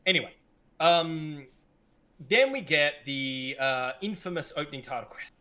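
A man's voice: fairly high pitch, animated, normal speed, sharp tone. A man co-hosting a podcast, chatting casually about a film and swearing as he retells scenes. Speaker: podcast co-host. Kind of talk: casual film review chat.

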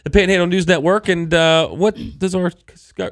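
A man co-hosting a local radio talk show, telling a story in a casual, chatty way and quoting people in lively voices. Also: sits high, moderate pace, dry recording.

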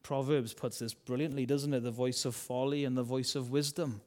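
Preacher, conversational sermon. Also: male voice, medium pitch, fairly even intonation, moderate pace, a little mellow. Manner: conversational, asks rhetorical questions; acts out voices of biblical characters.

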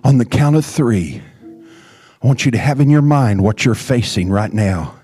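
A man preaching a sermon in a church, calling the congregation to respond and often rising to shouts. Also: medium pitch, lively intonation, moderate pace, slightly rough, soft background music. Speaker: pastor. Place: church sanctuary.

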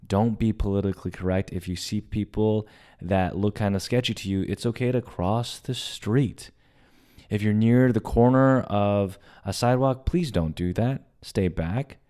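A young man with a deep, low voice hosts a podcast and tells a personal story casually. He talks in an animated way, acting out the voices of the people in it. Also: clean tone. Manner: animated, acts out quoted lines. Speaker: podcast host.

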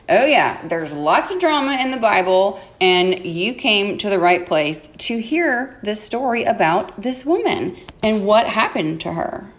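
Lively woman retelling a Bible story. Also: mid-range voice, a little slow, few pauses. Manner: playful, dramatic, acts out characters, laughs often. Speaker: podcast host.

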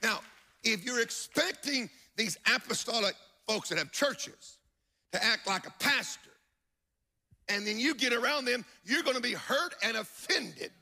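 Emphatic preacher with a bright, gravelly voice. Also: male voice, very high-pitched, lively intonation, unhurried. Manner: emphatic, storytelling with acted-out quotes. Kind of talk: sermon. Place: church service with congregation.

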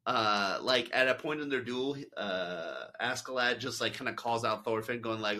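A man's voice: mid-range voice, moderate pace, few pauses, bright, forceful tone. A man hosting a casual podcast, rambling with lots of "like" and quoted asides. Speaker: podcast host. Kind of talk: casual chat.

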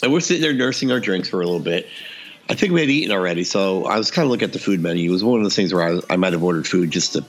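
Low-voiced man telling a funny story. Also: rapid-fire, faint music behind. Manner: animated storyteller who acts out dialogue and laughs often. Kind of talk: casual storytelling chat.

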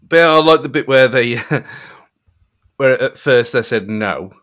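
A man's voice: mid-range voice, takes it slowly, a bit bright. A man co-hosting a podcast, chatting casually and wryly about a film, rambling and trailing off. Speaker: podcast co-host. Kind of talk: casual film review chat.

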